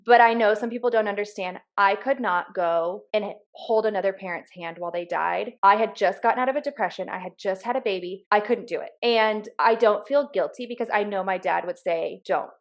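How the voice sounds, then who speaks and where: A woman's voice: mid-range voice, a little fast, hardly any pauses. A woman in her thirties candidly telling a personal story of losing her father, in casual podcast conversation. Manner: candid, swears freely, acts out quoted voices. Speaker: podcast co-host sharing her grief story.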